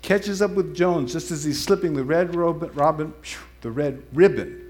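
Male preacher, conversational teaching sermon, animated delivery with self-corrections, somewhat higher-pitched voice. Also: moderate pace.

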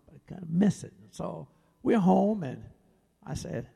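Gravelly preacher telling a story. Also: male voice, high voice, normal speed, long pauses. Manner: animated, swings from loud to near-whispered. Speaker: pastor. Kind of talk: sermon storytelling.

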